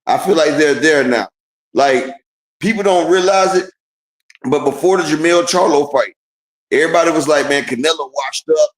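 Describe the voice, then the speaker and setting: A man with a high-set voice talks through fight moments in an animated, profane way and acts out the boxers' lines. He sounds like he is in a roomy, echoey space. It is a casual live stream chat. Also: normal speed. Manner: animated, profane storytelling with acted-out quotes. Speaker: boxing stream co-host.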